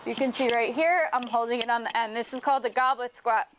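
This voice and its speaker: A woman's voice: fairly high pitch, fairly even intonation, quick pace, a bit bright, a little hiss or hum. A young woman teaching a home workout, explaining each move step by step as she demonstrates it. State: out of breath at times. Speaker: fitness teacher. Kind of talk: workout instruction.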